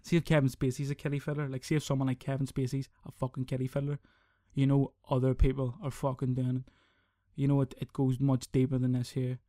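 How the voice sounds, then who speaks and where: In clean studio sound with no room sound, a young man rambles through a casual solo rant on his own podcast, swearing heavily and staying animated. His mid-range voice moves fast, with hardly any pauses.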